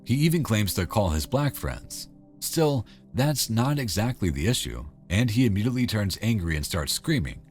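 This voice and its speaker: Deep-voiced wry male narrator. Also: sing-song, moderate pace, faint music behind. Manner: wry, conversational. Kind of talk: scripted narration.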